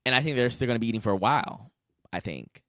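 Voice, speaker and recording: Animated, bright-voiced young male co-host. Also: mid-range voice, fast, no room sound. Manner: animated, opinionated, rambling. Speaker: podcast co-host. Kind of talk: casual chat.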